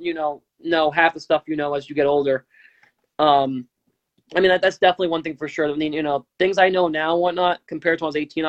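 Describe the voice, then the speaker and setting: Fast-talking young man, lo-fi sound. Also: a little high. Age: 20s. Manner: rambling, with many fillers and restarts. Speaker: political talk show host. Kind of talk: casual live-stream commentary.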